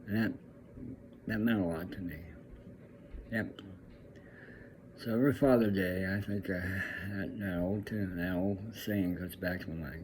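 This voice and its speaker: A man's voice: fairly low pitch, moderate pace, long pauses, dark tone, slight background noise. An older man from California, a professional musician, telling a rambling, fond story and acting out the lines of the people in it. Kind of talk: personal storytelling.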